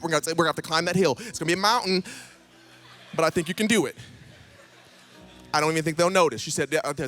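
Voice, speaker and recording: Animated, high-voiced male preacher telling stories. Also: no echo. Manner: animated, acts out dialogue in his stories. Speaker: guest speaker. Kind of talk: storytelling sermon. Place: church stage.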